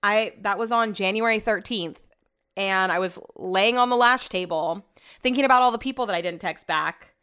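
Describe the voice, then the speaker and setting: A woman's voice: medium pitch, moderate pace, bright, forceful tone, clear, resonant tone. A young woman hosting her own podcast, telling rambling, self-deprecating stories in a casual chat. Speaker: podcast host. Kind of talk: casual solo podcast monologue.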